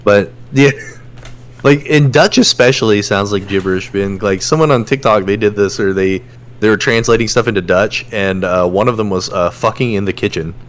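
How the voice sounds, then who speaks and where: A young man co-hosting a casual podcast, relaxed and chuckling, with lots of fillers. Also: fairly low pitch, normal speed. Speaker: podcast co-host.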